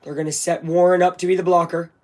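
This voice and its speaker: A young man calling a football game live for his viewers as an excited fan, talking straight to his audience. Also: high-pitched, quick pace. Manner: hyped, talks straight to viewers. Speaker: fan streamer doing live play-by-play.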